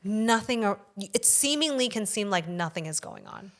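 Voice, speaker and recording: A woman's voice: medium pitch, lively intonation, moderate pace, fairly bright tone. A woman guest on a podcast, telling a story in a casual way, rambling and swearing for emphasis.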